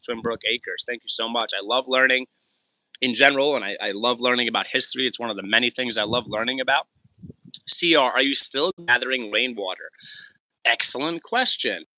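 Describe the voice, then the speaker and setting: Chatty homesteading host, bright dry voice. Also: male voice, mid-range voice, no echo. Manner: rambling, self-correcting, chatty with viewers. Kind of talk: casual livestream Q&A, reading chat comments.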